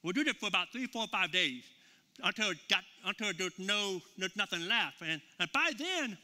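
A man's voice: high-pitched, lively intonation, normal speed, pushed and bright, long reverb tail. A middle-aged male pastor preaching to a congregation in a church, in a conversational storytelling way full of fillers and repeated words. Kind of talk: sermon. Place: church sanctuary with a live congregation.

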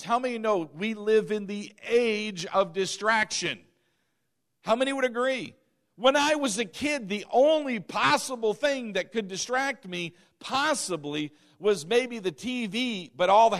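A man's voice: high-pitched, a bit bright. A middle-aged male pastor preaching a sermon, emphatic and repetitive, with chuckling asides.

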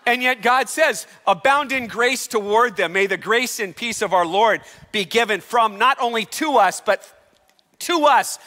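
High, bright-voiced preaching pastor in a hall. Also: male voice, animated, unhurried. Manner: emphatic, conversational preaching with rising calls. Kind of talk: sermon. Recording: hall reverb.

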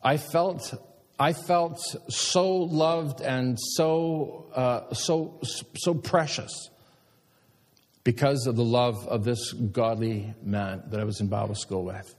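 A middle-aged man, a pastor preaching a sermon and telling stories with animated emphasis. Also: mid-range voice, slow pace. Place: church sanctuary. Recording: long church hall reverb.

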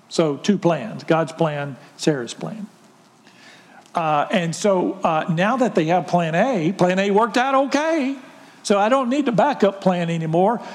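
A man's voice: sits high, big-room sound. A male pastor preaching a sermon, retelling a story conversationally and asking the congregation questions.

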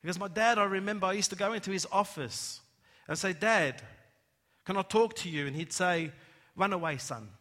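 A man preaching a sermon, dropping to hushed tones and rising to loud emphatic cries. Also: high voice, normal speed. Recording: long hall reverb.

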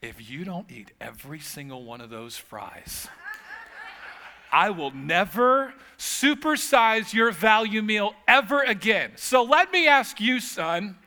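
A man's voice: high voice, lively intonation, slow, bright, forceful tone, a little hiss or hum, exaggerated voice. A man voicing his stern, frugal father lecturing his son during a sermon.

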